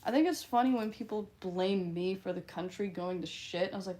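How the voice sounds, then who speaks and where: A woman's voice: medium pitch, fairly quick, hardly any pauses, warm tone. A woman with a Midwestern twang, casually chatting on a livestream and answering viewer comments in a blunt, offhand, profane way.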